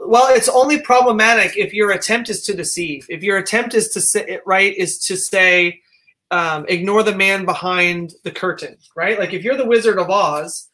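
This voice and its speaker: A man from the United States hosts a casual discussion in a bright, tense-edged voice. He drifts between points, often restarting his sentences and trailing off into fillers. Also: high-pitched. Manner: digressive, halting, many restarts and fillers. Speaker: host.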